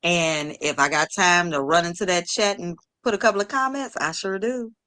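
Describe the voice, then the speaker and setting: A woman guest on a live stream, speaking calmly and reassuringly. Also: lowish voice, normal speed, no room sound. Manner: calm, reassuring, affirming. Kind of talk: casual live-stream chat.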